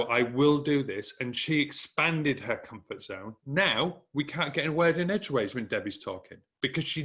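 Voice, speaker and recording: Coaching business owners, this Hull-accented northern English man delivers a direct, encouraging pep talk built on emphatic repetition. His medium-pitched voice sounds pushed and bright.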